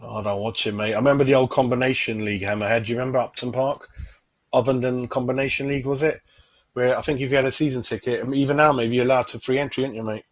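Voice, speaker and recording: A man's voice: medium pitch, fairly even intonation, racing, dry recording. Chatty man saying mate a lot. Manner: chatty, says mate constantly, many tag questions. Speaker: fan channel host. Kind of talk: casual livestream chat.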